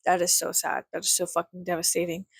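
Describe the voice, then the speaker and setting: Young woman vlogger, gravelly and dry, swearing and sarcastic. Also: fairly low pitch, level tone, fast, dry recording. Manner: profane, sarcastic, exasperated. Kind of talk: ranting casual monologue.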